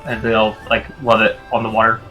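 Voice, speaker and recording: A man's voice: fairly low pitch, completely flat delivery, fairly quick, bright, forceful tone, faint music behind, rough recording. A man narrating a tabletop game as game master, describing scenes loosely with many fillers.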